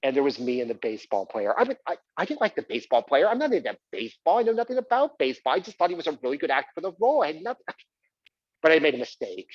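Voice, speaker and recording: A man's voice: fairly high pitch, very animated, fast, dry recording, lo-fi sound. A man performing an autobiographical stage monologue, hesitant and full of fillers.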